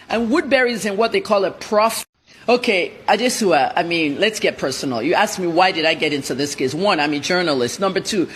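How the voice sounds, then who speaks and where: A woman journalist from Nigeria, a guest on a TV interview, telling her story in a blunt, rapid-fire way. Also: lowish voice, a little hiss or hum. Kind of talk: TV interview commentary.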